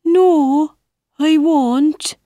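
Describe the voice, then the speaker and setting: A woman voicing a fussy, contrary male caterpillar in a storybook reading, drawing her words out slowly. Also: warm tone, no echo. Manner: drawn-out, slow squeaky exclamations.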